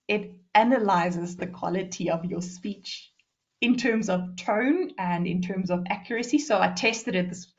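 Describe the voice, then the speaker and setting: Quick chatty woman coaching on presentation skills, bouncy voice, bit of a muffled lo-fi sound. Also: medium pitch. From South Africa. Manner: fast, lively, shifts pace and loudness on purpose. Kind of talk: workshop talk on voice skills.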